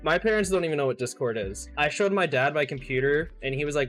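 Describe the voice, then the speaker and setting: A man's voice: on the high side, a little fast, a bit bright, soft background music. A young man chatting casually as a streamer and podcast host, laughing often, swearing and trailing off mid-sentence. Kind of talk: casual chat.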